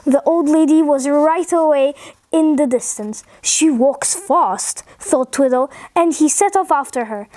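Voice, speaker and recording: A woman reading a funny children's story aloud, cheerful and expressive. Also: high-pitched, dry recording, clean studio sound. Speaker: storybook reader.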